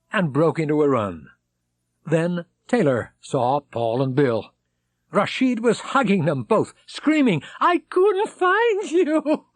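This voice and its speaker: A man reading an audiobook aloud, dramatic, voicing characters and shouting their excited lines. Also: medium pitch, no room sound. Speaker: audiobook narrator.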